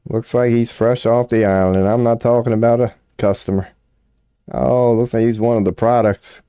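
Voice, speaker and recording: A man's voice: mid-range voice, fairly even intonation, normal speed, warm tone, clean tone, no room sound, studio quality. A man streaming a casual rant, profane and mocking, with a drawling delivery at his computer.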